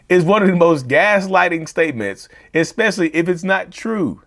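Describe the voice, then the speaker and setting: Male host, direct-to-camera talk, animated and repetitive, very lively pitch. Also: normal speed, gravelly. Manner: animated, repeats and rephrases points; addresses viewers as "y'all". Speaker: mental health channel host.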